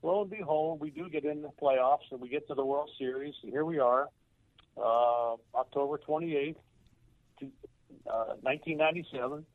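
An older man, a former baseball coach, tells a moving personal story in a halting way, repeating words as he is moved to tears. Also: on the high side, dry recording. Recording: tinny phone line.

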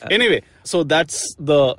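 Jokey podcast host. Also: male voice, on the high side, lively intonation, measured pace, a bit bright, dry recording. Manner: jokey, rambling, laughs often. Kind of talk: casual chat.

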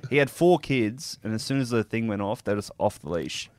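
A man's voice: on the low side, animated, a little fast, a little mellow, no echo. A young Australian man on a podcast, telling a crude, sweary story with frequent laughs. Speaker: podcast co-host. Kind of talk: crude casual banter.

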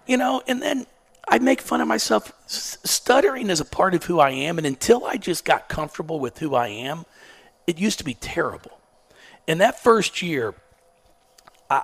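A man's voice: mid-range voice, creaky, fairly bright tone. A middle-aged man, a basketball coach who stutters, telling self-mocking stories in a sarcastic, laid-back way. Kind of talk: casual storytelling interview.

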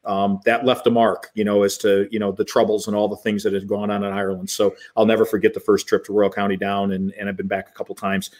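A man's voice: on the low side, fast, few pauses. A man answering as a podcast guest, talking casually with many ums and you-knows. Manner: relaxed, many fillers like um and you know. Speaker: podcast guest, golf author.

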